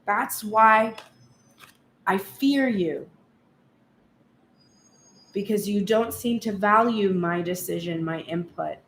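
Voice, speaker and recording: A woman's voice: medium pitch, slow, pauses often, a bit bright. A woman tarot reader giving a channeled reading, speaking heatedly in first person as someone's partner. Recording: roomy echo, faint background hum.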